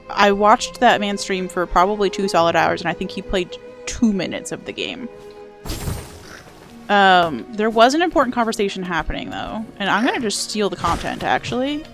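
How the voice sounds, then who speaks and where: A woman's voice: medium pitch, fairly bright tone. Young woman streamer gabbing w chat, voice bouncing all over, faint game music underneath. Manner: chatty and playful, reads and answers chat. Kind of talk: casual live-stream chat while gaming.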